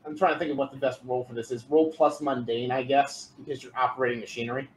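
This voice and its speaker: A man running a tabletop game as its game master, patiently walking the players through the rules. He talks at an ordinary, mid-level pitch. There is a faint hiss of noise behind him. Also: fast talker, low-quality recording. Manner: relaxed, explaining the rules patiently.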